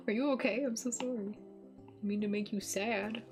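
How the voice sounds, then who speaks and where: A woman's voice: a little high, steady tone, moderate pace, a little mellow, faint music behind. A young adult woman streaming from home, chatting casually with her viewers in a teasing, giggly way and swearing casually. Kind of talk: casual live-stream chat. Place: home with green screen.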